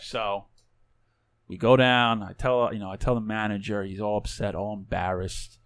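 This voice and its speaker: A man's voice: fairly low pitch, moderate pace, clean tone, no room sound. Casual podcast host, New man, swears freely, dry mic. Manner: animated, profane storyteller. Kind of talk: casual storytelling chat.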